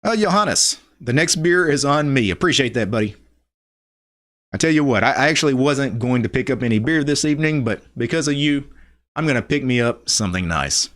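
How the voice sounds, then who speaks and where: Middle-aged Louisiana man, host of a relaxed live stream, easygoing and chatty, mid-pitched voice, reads out viewer comments. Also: a little fast. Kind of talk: casual live stream chat.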